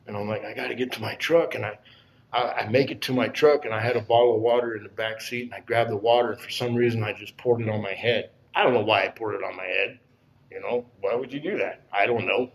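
A man's voice: lowish voice, slight background noise, low-quality recording. A man in his fifties giving an earnest personal testimony at a recovery gathering, rambling through his story and checking in with "you know?" again and again.

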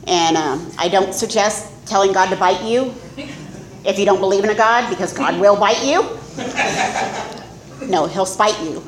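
A woman's voice: mid-range voice, moderate pace, pauses often, slight background noise. Candid middle-aged woman sharing her testimony. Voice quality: candid, self-mocking. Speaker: recovery speaker. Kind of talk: personal testimony talk. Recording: echoey room with faint ambience.

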